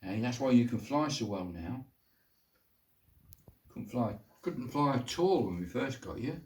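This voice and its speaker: A man's voice: mid-range voice, animated, a little slow, a little mellow. An older man at home talking to his pet bird in coaxing, affectionate baby talk. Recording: roomy sound, distant from mic.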